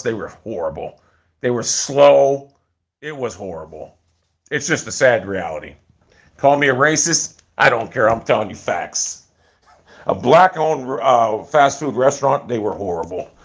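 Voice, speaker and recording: A man's voice: mid-range voice, pushed and bright. Blunt, profane man telling stories. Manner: blunt, profane, full of restarts. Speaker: storyteller. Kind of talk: casual rambling monologue.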